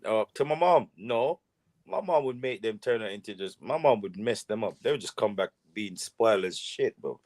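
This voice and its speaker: A man hosting a live call-in panel, loud and joking in slang. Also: lowish voice, lively intonation, normal speed, no echo. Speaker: host. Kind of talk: casual chat on a live call.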